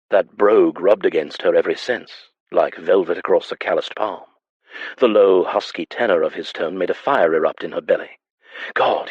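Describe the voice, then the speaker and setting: A man reading a historical romance audiobook in a measured, even manner. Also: deep voice, slightly rough, no room sound, dull audio. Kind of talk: scripted audiobook narration.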